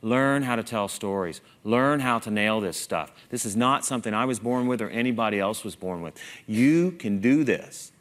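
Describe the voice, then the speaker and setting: A man giving a conference keynote talk, self-mocking and lively, putting many questions to the audience. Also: on the low side, normal speed, hardly any pauses. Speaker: keynote speaker.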